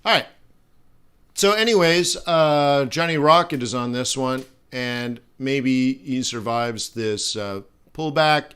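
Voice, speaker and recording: A man's voice: mid-range voice, slow, a bit bright, clear, resonant tone. A middle-aged man hosting a live trading stream, talking casually with rambling asides and restarts. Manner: rambling, chatty, many fillers and restarts. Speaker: forex trading stream host.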